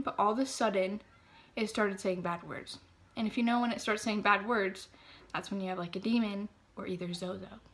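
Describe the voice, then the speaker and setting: A teenage girl telling a story casually, full of "like" fillers, often dropping to a hushed whisper. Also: medium pitch. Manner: filler-heavy, breathless, drops to hushed whispers. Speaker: vlogger.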